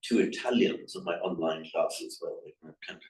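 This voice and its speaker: A man teaching a language class, correcting his students' pronunciation in a halting, repetitive way. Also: deep voice, darkish tone. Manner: hesitant, repeats words, corrects pronunciation. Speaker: Pali teacher. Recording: echoey room, mic far off.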